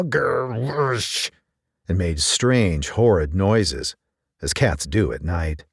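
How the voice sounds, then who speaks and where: Male storybook narrator, low and richly animated, gentle and expressive. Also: no echo, studio quality. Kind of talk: storybook reading aloud.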